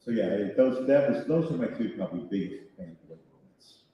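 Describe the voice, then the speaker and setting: A man in his sixties, a voice actor on a convention panel, telling animated, self-mocking stories with chuckles. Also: fairly low pitch, brisk, dull audio. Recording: echoey hall picked up from far off.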